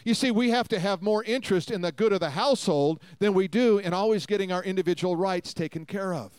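A man delivers a sermon in a high, ringing voice, reading scripture and driving each point home with emphatic repetition. The sound is close and dry, with no room around it. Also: fast talker, darkish tone, clear, resonant tone, no echo. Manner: reads scripture aloud and expounds with emphatic repetition. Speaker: preacher.

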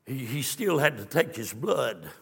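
A man preaching a fiery sermon, swinging from hushed storytelling to shouted exclamations. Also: mid-range voice, very animated, measured pace, creaky, breathy edge. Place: church sanctuary. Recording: long church reverb.

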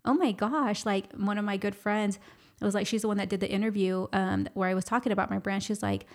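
A woman's voice: mid-range voice, little pitch movement, fast. A young woman, a clothing brand owner, telling her story in a casual interview, chatty and full of quoted dialogue.

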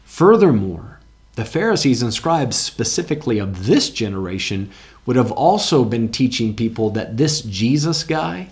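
Very animated and darkish in tone, this pastor's medium-pitched voice moves at a normal speed as he preaches before a congregation in the church sanctuary. His delivery is earnest and conversational, with frequent repeated words and emphatic readings of scripture.

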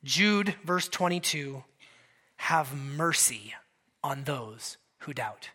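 A male pastor preaching a lively, conversational sermon, acting out quotes from scripture figures. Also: medium pitch, takes it slowly, breathy edge.

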